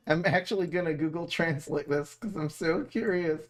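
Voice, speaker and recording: A young man streaming and casually reviewing viewer messages, talking in a chatty, animated way with frequent laughs and restarts. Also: a little high, a little slow.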